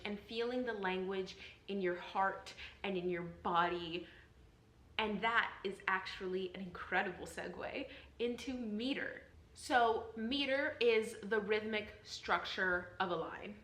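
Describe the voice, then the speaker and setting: A young woman actor gives an enthusiastic vlog lesson on reading Shakespeare, explaining step by step in an earnest, encouraging way and repeating reassurances. Her voice is medium-pitched and fairly bright. The recording has a roomy echo and slight background noise.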